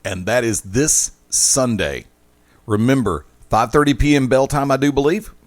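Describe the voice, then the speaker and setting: A man's voice: medium pitch, moderate pace. A man hosting a sports radio show in a jokey way, reading event details like promo copy. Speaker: radio host.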